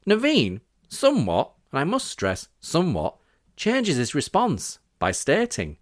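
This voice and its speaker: Man, from Britain, podcast host, scripted monologue, sarcastic, very expressive pitch. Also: a little slow, no echo, studio quality. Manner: sarcastic, indignant, reading out quotes.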